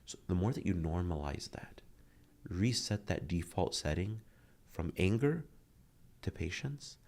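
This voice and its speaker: In a deep, gravelly voice, a little slow, a man in his thirties guests on a podcast as a motivational speaker. He speaks candidly, telling earnest stories and animatedly voicing the quotes.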